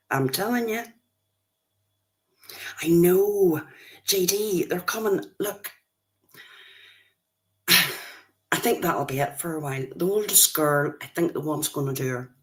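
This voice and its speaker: Chatty woman in her fifties hosting a relaxed livestream, lowish voice, unhurried. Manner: chatty, greets viewers by name. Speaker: livestream host. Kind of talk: casual livestream chat.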